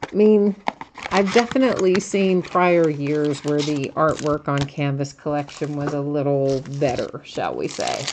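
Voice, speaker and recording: Low-pitched woman, middle-aged, easygoing card break host; casual, chatty, quick to laugh. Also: noisy background. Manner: chatty, laughs often, reads out cards and chat. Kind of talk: live stream card break commentary.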